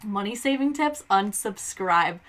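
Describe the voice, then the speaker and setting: A woman's voice: mid-range voice, expressive, a little slow, fairly bright tone. A woman co-hosting a podcast, chatting casually with lots of fillers, restarts and laughter. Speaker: podcast co-host. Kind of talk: casual chat.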